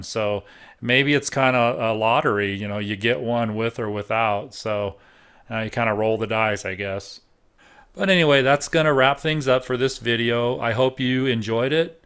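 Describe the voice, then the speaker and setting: A middle-aged man giving a relaxed, casual review of computer hardware at home, thinking out loud with frequent pauses. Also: medium pitch, smooth. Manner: relaxed, thinking aloud with fillers. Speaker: tech reviewer.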